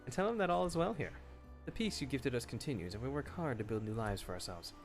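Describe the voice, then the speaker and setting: An earnest, formal woman who leads a city, read aloud by a man in his own plain voice. Her lines rise and fall in a lively way, with soft game music far behind. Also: mid-range voice, quick pace, pitched above the performer's own voice, natural voice. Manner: reads game dialogue aloud in a plain voice, no accent. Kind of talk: reading game dialogue aloud.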